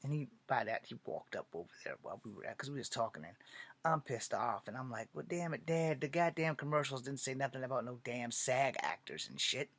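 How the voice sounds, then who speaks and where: Speaking briskly in a mid-range voice with no echo, this Virginia man recounts his long personal journey as an aspiring filmmaker. The monologue is casual and profane, and he animatedly performs the dialogue of others.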